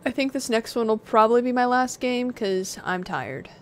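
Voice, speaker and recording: A playful woman streamer jokes sarcastically as she plays, her voice sitting on the higher side. Her pitch bounces around a lot from line to line. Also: lively intonation, moderate pace, slight background noise. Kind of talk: casual live-stream chat while gaming.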